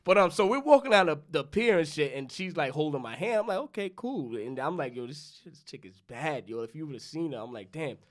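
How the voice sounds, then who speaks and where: A man's voice: a little high, very animated, fairly quick, few pauses. A young man from New York, a podcast co-host, telling a loose, profane story in casual chat and acting out both sides of the dialogue. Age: young adult.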